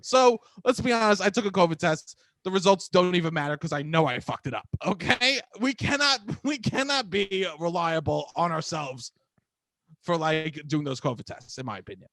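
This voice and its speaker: A young man co-hosting a podcast, telling stories in a loud, profane, swinging way. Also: lively intonation, moderate pace, no room sound. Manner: loud, profane, storytelling with big pitch swings. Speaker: podcast co-host. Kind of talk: casual chat.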